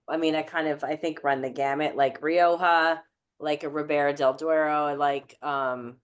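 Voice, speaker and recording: A woman's voice: low voice, fairly even intonation, normal speed, smooth. A woman in a wine club chatting on a video call, rambling enthusiastically and correcting herself as she goes. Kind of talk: casual chat on a video call.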